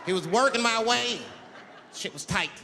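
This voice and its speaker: A man's voice: extremely high pitch, normal speed, gravelly, noisy background. A man doing profane, swaggering stand-up storytelling on a large stage, with an audience laughing. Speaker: stand-up comedian. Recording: live crowd in a big echoing hall.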